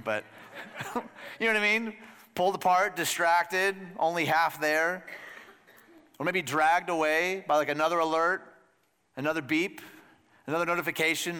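A man preaching a sermon as a pastor, conversational and lively, addressing the congregation with questions. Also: mid-range voice, big-room sound.

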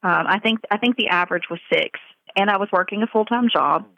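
A woman speaking in an interview as a mother, earnest and halting, with many fillers, on slightly muffled audio. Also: mid-range voice, creaky, sharp tone, dry recording. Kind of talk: emotional personal interview.

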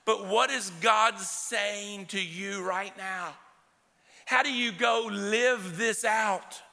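A male preacher delivers an emphatic sermon, calling out to the congregation again and again. His voice sits high and carries a gravelly edge. It rings with long reverb through the sanctuary. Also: fairly even intonation, takes it slowly, pushed and bright. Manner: emphatic, direct calls to the congregation. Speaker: pastor. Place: church sanctuary with a live congregation. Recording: long church hall reverb.

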